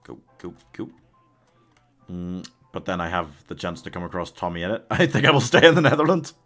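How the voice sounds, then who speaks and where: A man's voice: low-pitched, very animated, a little fast, a bit bright, soft background music. A man from the UK chatting on a live gaming stream. He reads viewer messages, laughs a lot, and coughs now and then while ill.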